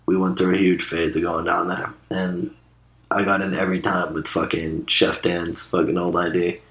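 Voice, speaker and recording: A man's voice: deep voice, level tone, moderate pace, fairly bright tone, reverberant, rough recording. A young man in casual podcast chat, joking and rambling with lots of filler words.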